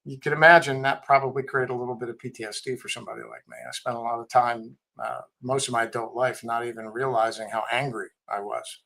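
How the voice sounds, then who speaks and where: A man's voice: mid-range voice, steady tone, quick pace, gravelly, few pauses, pushed and bright, rough recording. A middle-aged man, a Marine veteran and company head, telling candid stories in a casual podcast interview with a blunt, wry manner. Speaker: guest, tech company CEO and Marine veteran.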